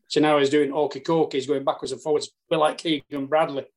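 A man's voice: on the high side, fast, hardly any pauses. Earthy Yorkshire man telling stories. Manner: animated, earthy, casual swearing. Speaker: golf caddie guest. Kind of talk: storytelling chat.

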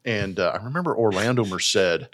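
A man co-hosting a casual sports podcast, telling animated stories and saying "dude" a lot, laughing as he talks. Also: fairly low pitch, normal speed. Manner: animated storyteller, says "dude" often, laughs mid-sentence. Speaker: podcast co-host, former baseball executive.

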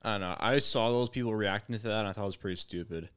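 A man's voice: fairly low pitch, rapid-fire, a bit bright, clean tone, no room sound, studio quality. A man co-hosting a casual sports podcast, laid-back and wry. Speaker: podcast co-host.

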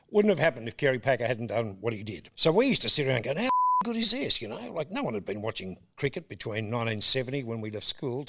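Australian man, sixties, animated storyteller, laughs a lot. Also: mid-range voice. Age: 60s. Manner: animated, laughs often, breaks into voices. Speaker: guest, comedian. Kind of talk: casual storytelling interview.

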